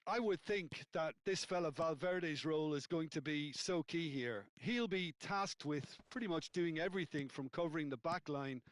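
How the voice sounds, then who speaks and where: Measured male football analyst. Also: a little high, dry recording. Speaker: co-commentator, analyst. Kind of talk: video game football commentary.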